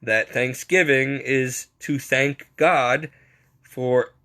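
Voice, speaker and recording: A man's voice: medium pitch, fairly even intonation, extremely slow, pushed and bright. A man giving a casual, rambling faith monologue, poking fun at himself and chuckling as he talks. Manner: rambling, self-mocking storyteller; frequent chuckles.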